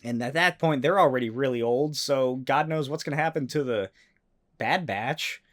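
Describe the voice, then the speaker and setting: A man hosting a solo podcast, talking casually and excitedly, with frequent swearing and animated rants. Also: mid-range voice, moderate pace. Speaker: podcast host.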